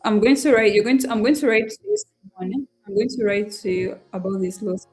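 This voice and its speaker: A young woman hosts a live trading stream, chatting casually with viewers and turning emotional and apologetic as she talks to herself. Her mid-range voice is fairly quick, darkish and slightly rough. Faint music plays in the background.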